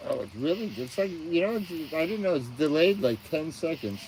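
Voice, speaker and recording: A man's voice: a little high, sing-song, moderate pace, darkish tone, low-quality recording. Live-stream host, middle-aged man, casual and sleepy, yawning between chuckles, outdoor night mic with faint hiss. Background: crickets.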